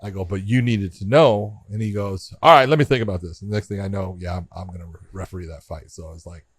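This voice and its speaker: A man's voice: deep voice, steady tone, fast talker, a little mellow, breathy edge, dry recording. A middle-aged man, a referee and podcast co-host, telling a rambling anecdote and acting out both sides of the conversations. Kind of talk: casual storytelling on a podcast.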